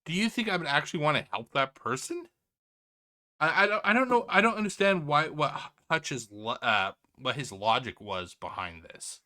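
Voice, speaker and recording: A man's voice: on the high side, expressive, normal speed, bright, forceful tone. A man giving an unscripted reaction commentary, opinionated, exasperated and profane.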